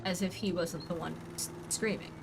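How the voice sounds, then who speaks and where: A woman's voice: fairly low pitch, fairly even intonation, moderate pace, gravelly, background noise. A woman in her thirties streaming a building game, chatting casually and thinking aloud with playful asides. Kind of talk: casual gameplay commentary.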